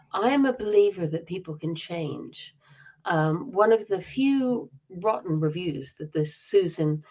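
A woman's voice: fairly low pitch, husky. Older woman, mixed American-English accent. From United States. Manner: chatty, self-deprecating, laughs often. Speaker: author guest. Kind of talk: podcast interview answers.

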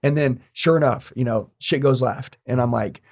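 A man's voice: mid-range voice, moderate pace, a little mellow, slightly rough. A man speaking as an interview guest, sharing his story intensely, bluntly, and with plenty of swearing. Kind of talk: motivational interview talk.

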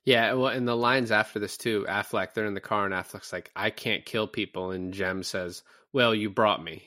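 A man's voice: on the low side, moderate pace, no room sound, clean studio sound. A man co-hosting a film review podcast, chatting casually and acting out movie lines with energy. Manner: animated, acts out movie lines. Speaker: podcast co-host.

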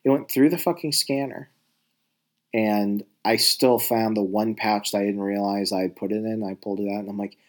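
A man's voice: on the low side, steady tone, normal speed. A man telling a rambling, profane story in a casual monologue, exasperated and full of restarts. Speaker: talker recounting travel stories.

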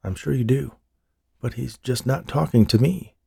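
Narrator doing a gentle male psychic, soft-spoken, dark-toned. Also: lowish voice, lively intonation, normal speed, vocal fry, husky, no echo, studio quality, exaggerated voice. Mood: soothing. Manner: soothing, gentle. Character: calm, smooth-talking male psychic medium.

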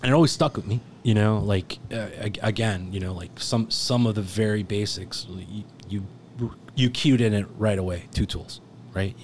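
A man's voice: on the low side, moderate pace, a little mellow, a little hiss or hum. A man in his thirties, a firefighter guest telling a story in a loose, profane, rambling way and laughing often. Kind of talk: casual storytelling.

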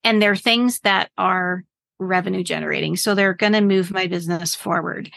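A woman's voice: fairly low pitch, moderate pace, gravelly, fairly bright tone, no room sound. A woman business coach, a guest on a podcast, talking in an upbeat, earnest way with loose restarts. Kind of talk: casual podcast interview.

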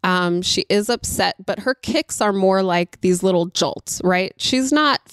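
A mother who homeschools, telling a story in a chatty, animated way and talking straight to her listeners. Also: medium pitch, unhurried, clear, resonant tone, dry recording, studio quality. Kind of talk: casual storytelling monologue.

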